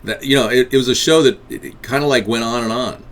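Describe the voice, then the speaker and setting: A man's voice: mid-range voice, quick pace, a bit bright. A man hosting a live interactive talk stream, rambling and combative as he answers chat.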